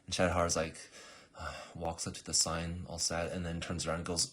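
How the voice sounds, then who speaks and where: A man's voice: deep voice, flat delivery, moderate pace, a bit bright, husky. A man casually walking through a storyboard, retelling the scenes with lots of fillers. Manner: rambling, filler-heavy retelling. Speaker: animatic pitch narrator. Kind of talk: casual walk-through narration.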